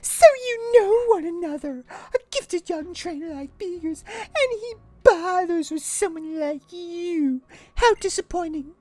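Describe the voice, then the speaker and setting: A woman's voice: very high-pitched, expressive, measured pace, dark tone, dry recording, voice pushed up. A woman putting on a haughty, cruel villainess mother. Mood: cold disdain. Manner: dramatic, theatrical and cold. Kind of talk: voicing game text aloud.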